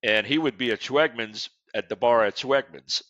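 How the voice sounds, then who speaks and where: A man's voice: mid-range voice, normal speed, fairly bright tone, no room sound, highs cut off. A man, hosting a podcast and telling stories between laughs. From Westbank of New Orleans. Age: 60s. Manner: storytelling, laughs often. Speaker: podcast host. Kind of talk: casual interview chat.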